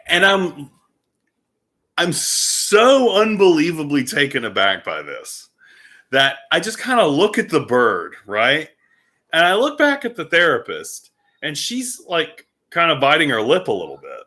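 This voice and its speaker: A man casually telling a personal story to the camera as a vlogger, animated and full of fillers. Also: on the high side, unhurried.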